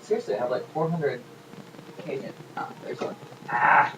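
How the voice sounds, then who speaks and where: A man's voice: fairly high pitch, animated, moderate pace. A man hosting a casual home cooking video, chatty and jokey as he talks to the camera while he works in his kitchen. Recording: noisy home recording.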